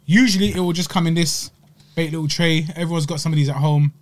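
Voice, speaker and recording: A man's voice: fairly high pitch, steady tone, fast talker. A man, hosting a podcast and reviewing desserts in casual, emphatic chat full of slang and repeated lines. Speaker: podcast host. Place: studio.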